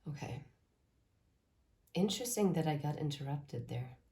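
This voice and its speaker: Low-voiced woman giving a tarot reading. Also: animated, normal speed, creaky, dark tone. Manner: earnest spiritual talk with rambling asides. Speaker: tarot reader. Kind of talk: channeled tarot reading to camera.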